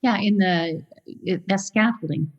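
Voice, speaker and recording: A woman hosting a podcast interview, giving brief affirmations and asking quick follow-up questions. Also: mid-range voice, husky, in a large hall, muffled recording. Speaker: podcast host.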